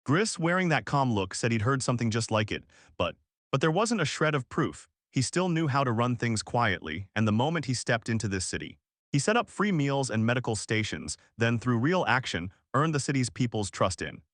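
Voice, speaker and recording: Brief: male recap narrator, animated swings in pitch, dry close sound, slangy punchy delivery. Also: no echo. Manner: punchy, slangy retelling with quick restarts. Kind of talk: casual story recap narration.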